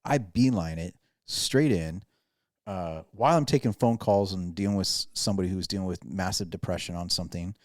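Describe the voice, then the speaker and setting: A pastor who hosts a podcast tells a self-deprecating story in casual chat, restarting his sentences often. His voice is low and fairly quick, recorded in studio quality with no echo.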